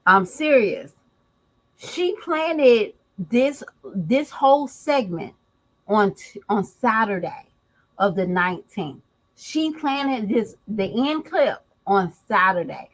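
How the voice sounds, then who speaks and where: A woman's voice: mid-range voice, expressive, takes it slowly, a bit bright, low-quality recording. A woman vlogger giving casual gossip commentary, slangy and emphatic, who laughs often as she talks.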